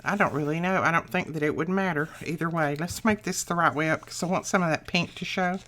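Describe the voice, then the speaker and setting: An older woman with a low, settled voice talks her way through a crafting project at home, rambling and folksy. She thinks aloud as she works. A faint hiss sits under her voice. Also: fast talker, a bit bright. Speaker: crafting channel host. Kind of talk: casual crafting tutorial chat.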